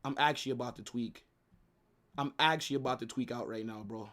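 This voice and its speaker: A man's voice: mid-range voice, fairly quick, a bit bright. A young man hosting a live football watch-along, ranting and swearing in frustration. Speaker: livestream host.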